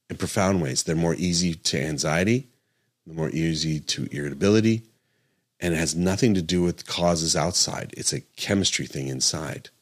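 A middle-aged man with an extremely deep, low voice, hosting a podcast monologue as a doctor. He speaks earnestly and with emphasis, circling back to repeat key points and stopping to correct himself mid-thought. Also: fairly bright tone.

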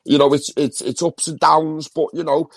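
A man's voice: fairly high pitch, level tone, normal speed, dry recording. A man with a Liverpool accent co-hosting a live stream, rambling, talking a lot and swearing. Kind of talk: casual live stream chat.

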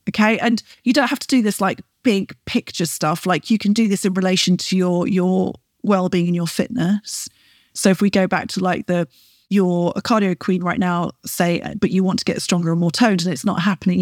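A woman podcast host coaching her listeners, guiding them through slow breaths and encouraging them often with a quick "right?". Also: on the low side, steady tone, darkish tone, no echo, studio quality. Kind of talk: coaching talk with guided breathing.

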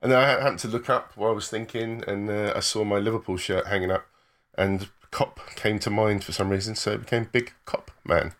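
A man's voice: on the low side, steady tone, a little fast, a bit bright. A man co-hosting a podcast, telling a story in a laid-back way. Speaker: podcast co-host. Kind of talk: casual chat.

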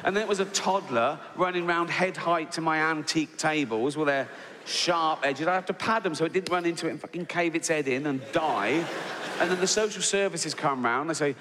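A man's voice: fairly high pitch, a little fast, slight background noise. A man doing a stand-up comedy set, crude and sardonic, acting out little scenes as he goes. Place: large theater with live audience. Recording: long hall reverb with loud audience laughter.

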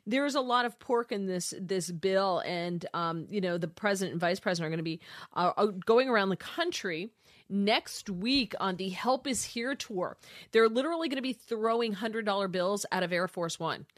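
A woman's voice: mid-range voice, normal speed, dry recording, clean studio sound. A woman hosting a talk radio show, chatting in a loose, giggly way with lots of fillers. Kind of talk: casual talk radio chat.

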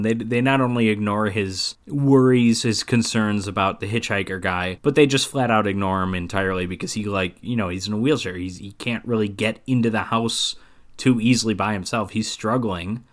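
A man co-hosting a podcast, casually recapping a movie plot in a rambling, filler-heavy way with quick laughs. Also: lowish voice. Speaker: podcast co-host.

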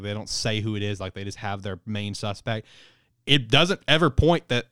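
A man's voice: fairly low pitch, very animated, a little fast, sharp tone, smooth, no echo, studio quality. A man casually recapping a story on a podcast, rambling with lots of fillers and cussing. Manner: rambling, filler-heavy, swears freely. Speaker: podcast co-host. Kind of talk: casual chat reviewing a manga.

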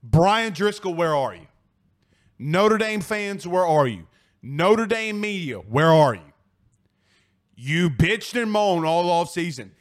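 A man with a high, bright-pitched voice hosts sports talk radio. He rants in a fired-up, profane way and keeps hammering his points home. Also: lively intonation, takes it slowly.

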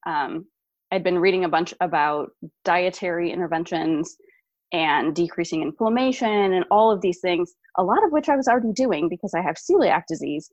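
A woman in her thirties, a guest on an interview show, telling a personal story in an animated way with frequent laughs. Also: on the low side, normal speed, dry recording. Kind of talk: podcast interview. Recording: dull lo-fi dry sound.

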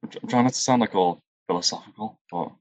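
Halting man searching for words. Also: lowish voice, dry recording. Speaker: improv performer, guest. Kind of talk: casual interview answers.

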